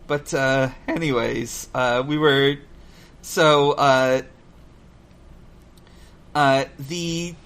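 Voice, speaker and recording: A man co-hosting a podcast in casual chat, halting with many fillers and restarts, swearing and laughing easily. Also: mid-range voice, fairly even intonation, fairly bright tone, clear, resonant tone. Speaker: podcast co-host. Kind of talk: casual chat recapping a cartoon.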